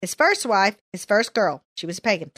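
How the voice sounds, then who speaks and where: A woman's voice: medium pitch, big pitch swings, moderate pace, a bit bright, no echo. Woman reading scripture, dry close sound. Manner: reads verses then comments, playful asides. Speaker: Bible study co-host. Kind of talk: casual Bible study chat, reading scripture aloud.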